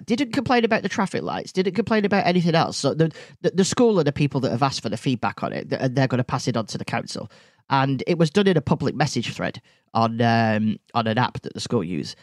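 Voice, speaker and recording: A man hosting a solo podcast, wry and exasperated as he rants. His voice sits a touch high and swings widely in pitch. The sound is close and dry. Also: dry recording. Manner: exasperated, sarcastic storytelling. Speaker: podcast host. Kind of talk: casual solo podcast rant.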